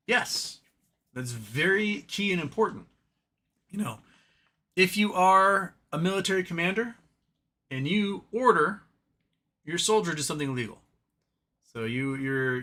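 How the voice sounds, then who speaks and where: Male livestream host, mid-pitched and sharp-toned, loose and chatty, reading comments and riffing with frequent restarts. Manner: rambling, opinionated, drops to a mumble talking to his cat.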